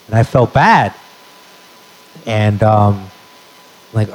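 A man performs stand-up on a live stage with a brash, punchy delivery and sudden crowd call-outs. His voice sits a bit high for a man. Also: lively intonation, measured pace, low-quality recording. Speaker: stand-up comedian. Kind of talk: stand-up comedy set.

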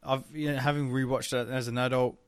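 A man's voice: mid-range voice, flat delivery, fairly quick, clean tone, no room sound. Rambling man, lots of ums. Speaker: podcast co-host. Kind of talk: casual chat.

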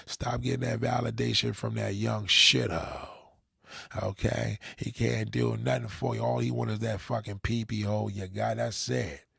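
A middle-aged man with a lowish, gravelly, pushed and bright voice, breathy at the edges, delivers crude dating advice to viewers flatly at a moderate pace. His preachy, profane rant is thick with "goddamn" and other swearing, and he slips into other people's voices. The studio recording is clean and dry.

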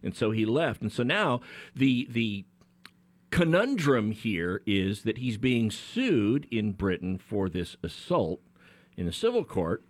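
A man's voice: on the low side, sing-song, takes it slowly, dry recording. A man co-hosting a radio talk show as an attorney, explaining a legal case in a conversational way with frequent restarts. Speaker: attorney co-host.

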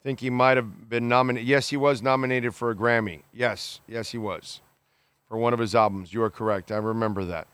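A man's voice: mid-range voice, fairly even intonation, a little fast, a bit bright, clear, resonant tone, no room sound. A man hosting a radio show, reading listener messages aloud and giving blunt, opinionated takes, swearing casually and calling people bro. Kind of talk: casual call-in radio talk.

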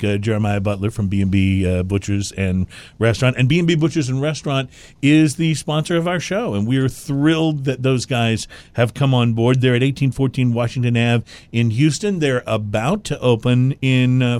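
A man's voice: medium pitch, normal speed, darkish tone, no echo. A man hosting a casual chat show, laughing often and restarting his sentences. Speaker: podcast host.

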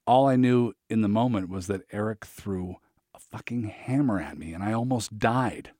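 Man, memoir narrator, measured, reflective, dry close sound. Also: lowish voice, dark tone, no room sound.

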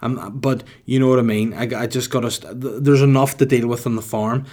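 A man's voice: mid-range voice, fairly even intonation, a little fast, darkish tone. A man in his thirties hosting a solo podcast, rambling crudely and jokingly with lots of swearing. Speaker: podcast host.

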